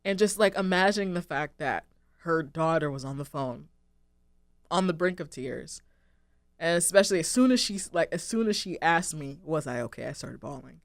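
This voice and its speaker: A woman's voice: sits low, expressive, moderate pace, no room sound, studio quality. Earnest young woman musing on air. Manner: earnest, rambling, heavy use of "like" and "um". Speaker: radio show host. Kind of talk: reflective casual monologue.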